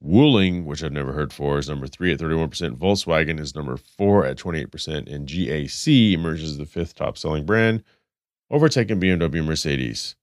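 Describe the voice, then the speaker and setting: Male car-podcast host, very low, congested and nasal, rambling reads, dry booth. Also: fairly quick, no room sound. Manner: rambling, self-correcting, reading stats then riffing. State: stuffed up, congested. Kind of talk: casual car news chat.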